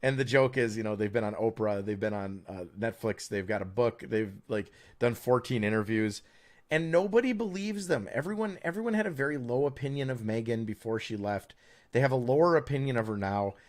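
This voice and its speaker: A man's voice: mid-range voice, fairly quick. A man co-hosting a podcast, in rambling, opinionated chat with many stammered restarts and a sarcastic edge. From United States. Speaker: podcast co-host.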